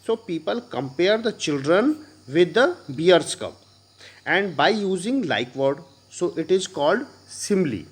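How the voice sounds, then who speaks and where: A man with an Indian English accent teaching a poetry lesson to a class, explaining slowly with many pauses and fillers. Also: sits high, very animated, breathy edge.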